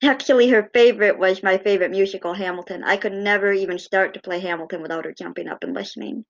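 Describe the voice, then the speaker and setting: A woman telling fond, gently humorous personal stories in a casual way. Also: medium pitch, steady tone, quick pace, vocal fry, muffled recording. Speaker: cat owner.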